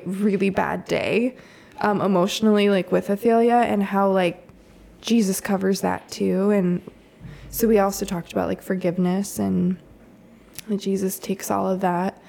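A woman in her thirties, a mother telling a story in a relaxed, chatty way, full of "like" and soft laughs. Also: mid-range voice, normal speed, creaky. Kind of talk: casual storytelling chat.

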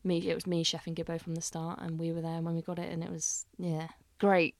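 Speaking fairly quickly in a low-pitched voice, a young woman who works as a head chef tells stories in a casual podcast chat. She acts out quotes with lots of animation and swears freely, and the studio recording is clean and dry.

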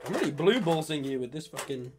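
A young man livestreaming from his room, chatting casually in an excitable, swearing, rambling way. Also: fairly high pitch, quick pace, music in the background. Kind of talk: casual chat.

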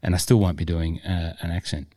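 A man's voice: deep voice, level tone, fairly quick, warm tone, no echo. A man co-hosting a podcast in a chatty, rambling, jokey way. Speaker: podcast co-host. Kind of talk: casual chat.

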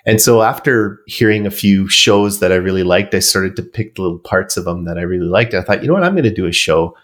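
A man's voice: sits low, animated, fast. A man being interviewed on a podcast, telling long stories in a chatty, rambling way with filler words. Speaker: podcast guest. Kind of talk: casual storytelling in an interview.

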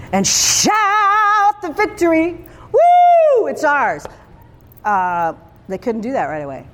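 A woman's voice: mid-range voice, darkish tone, slight background noise. A woman preaching a sermon in a conversational, emphatic way, full of rhetorical questions.

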